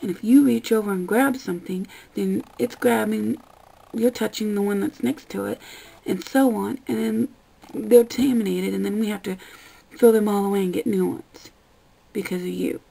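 A young woman vlogging, ranting in an exasperated, profane way with a gravelly voice. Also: medium pitch, steady tone, normal speed, mellow, poor audio. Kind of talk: casual ranting vlog.

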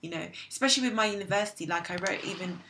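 A woman's voice: medium pitch, very fast, bright, forceful tone, a little hiss or hum. A young woman from England, hosting a casual discussion and reflecting aloud while searching for her words. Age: young adult. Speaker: host.

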